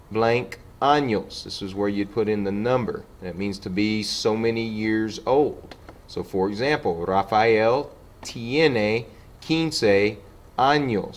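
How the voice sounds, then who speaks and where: A man teaching a Spanish lesson, patiently walking through examples and slowing down for each sample sentence. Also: lowish voice. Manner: patient, repeats "okay" and slows down for example sentences. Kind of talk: classroom lesson explaining on a board.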